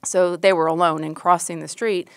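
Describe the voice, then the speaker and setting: A woman's voice: on the low side, fairly even intonation, normal speed, no room sound, studio quality. A middle-aged woman, an emergency room doctor, telling a story in conversation with frequent fillers and restarts. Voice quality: hesitant, many fillers and restarts.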